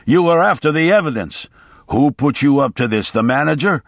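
A man's voice: fairly high pitch, expressive, normal speed, fairly bright tone, no room sound, studio quality. Man playing a blustering, paranoid lawyer. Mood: accusing. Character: wild, aggressive male lawyer, paranoid.

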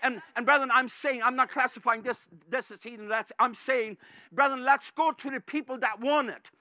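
Fervent high-voiced male pastor preaching. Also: fairly even intonation, normal speed, no echo. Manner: fervent, repeatedly calls out "brethren"; rises to shouts at climaxes. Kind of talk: sermon.

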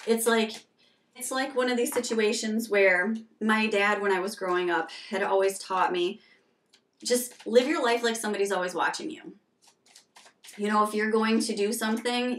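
A woman's voice: medium pitch, a bit bright, roomy sound, distant mic. A woman giving a casual tarot reading, talking frankly and conversationally with many fillers as she tells personal stories. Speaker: tarot reader.

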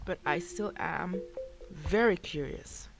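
A woman streaming a video game, chatting and reacting excitably as she plays. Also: on the low side, slow pace, gravelly. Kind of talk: live gameplay commentary. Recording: game music behind.

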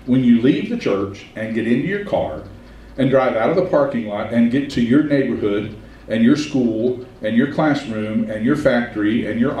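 Male pastor, folksy sermon delivery, drawn-out emphasis, distant mic in a reverberant sanctuary. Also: medium pitch, warm tone, a little hiss or hum. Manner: folksy storytelling, slows for emphasis. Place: church sanctuary. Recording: roomy church sound from a distance.

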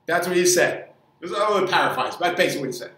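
A man's voice: sits high, lively intonation, rapid-fire, sharp tone, far from the mic. A man who works as a fitness trainer, giving an angry, profane opinion rant with many stumbles and repeated words. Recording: echoey room, voice off mic.

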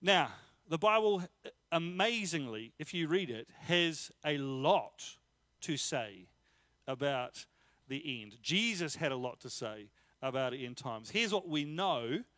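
A man preaching a casual sermon, telling personal stories in a lively, joking way. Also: on the high side, slow, no echo. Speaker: pastor.

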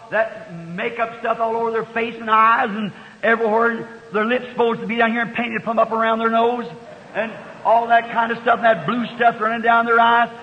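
A man in his fifties preaching a sermon, telling folksy stories and breaking into loud, fervent outbursts. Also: very high-pitched. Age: 50s. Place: large church hall. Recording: dull old recording in a reverberant hall.

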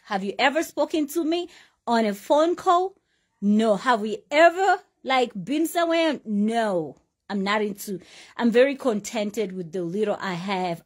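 A loud, confident woman in her forties talking casually and emphatically to her followers. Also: on the high side. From Uganda. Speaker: social media personality. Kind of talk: casual talk to camera, addressing followers.

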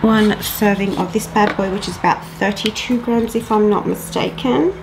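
A woman's voice: medium pitch, moderate pace, vocal fry, background noise. A woman chatting casually to her viewers while cooking in a home kitchen, rambling with friendly asides. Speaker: vlogger. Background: music.

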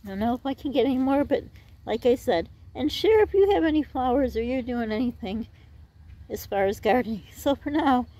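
A woman's voice: a little high, expressive, fairly quick, warm tone. A middle-aged woman chatting in a rambling way while gardening outdoors for her vlog, out of breath. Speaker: vlogger.

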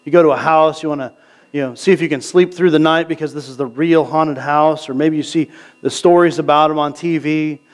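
Casting: male pastor, higher voice, chatty sermon delivery, keeps asking the room "right?". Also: fairly even intonation. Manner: conversational preaching, asks the crowd "right?"; reads scripture slowly. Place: church sanctuary.

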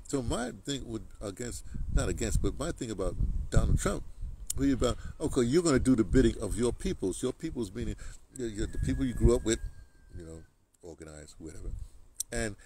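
Guy ranting on and on, voice jumps all over, lots of hiss behind. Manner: rambling, repeats words, lively pitch. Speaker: political commentator. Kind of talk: ranting monologue.

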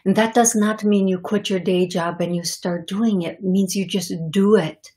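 A woman's voice: medium pitch, fairly even intonation, normal speed, warm tone, lightly acted. A woman putting on ascended spirit beings who speak through her as a medium, with a solemn, unplaced old-sounding accent. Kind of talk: channeled spiritual message.

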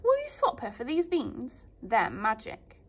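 A woman's voice: a little high, wildly swooping pitch, unhurried, breathy edge, exaggerated voice. Mysterious storybook stranger, coaxing, , played by a woman. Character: strange, mysterious man selling beans.

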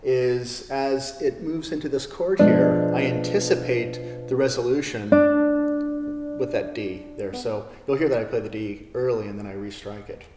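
A man's voice: mid-range voice, moderate pace. Laid-back male guitar teacher, echoey hall, guitar playing under the voice. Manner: relaxed, with many fillers. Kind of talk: video lesson. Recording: roomy studio with long reverb. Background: classical guitar playing.

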